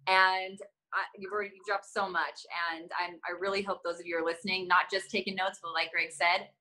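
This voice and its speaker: A woman's voice: fairly low pitch, little pitch movement, a little fast, bright, forceful tone, low-quality recording. A woman hosting a podcast, asking long enthusiastic questions in casual chat. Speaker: podcast host.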